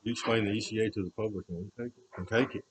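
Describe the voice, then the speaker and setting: A man with a low-pitched voice rambles in unscripted talk. His delivery swings between quiet muttering and loud, repeated shouting. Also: steady tone, racing, a little hiss or hum, poor audio.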